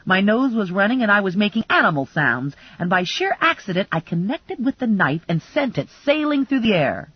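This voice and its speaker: Female narrator, husky, dry close mic with dull lo-fi sound; wry, lively comic storytelling. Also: mid-range voice, moderate pace, few pauses, no echo. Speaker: audiobook narrator. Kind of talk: first-person audiobook narration.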